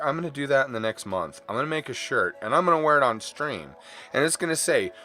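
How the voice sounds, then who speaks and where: A man's voice: mid-range voice, a bit bright. A middle-aged man chatting casually and candidly while drawing on stream, rambling from topic to topic and apologizing for his swearing.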